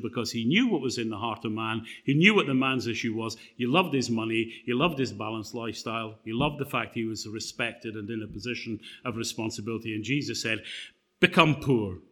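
A man's voice: mid-range voice, a bit bright. A middle-aged man preaching a sermon in a conversational way, telling a personal story with fillers and restarts.

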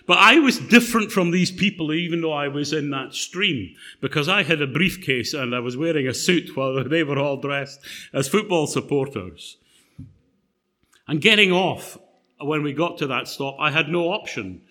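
A man's voice: a little high, animated, moderate pace, pushed and bright. A middle-aged man preaching a sermon in a conversational way, telling a personal story with fillers and restarts.

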